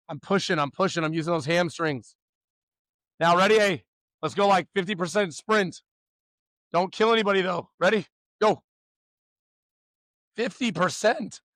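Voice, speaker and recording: Upbeat man coaching a youth warm-up. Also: on the high side, no echo, studio quality. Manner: loud, upbeat, teasing. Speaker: pitching coach.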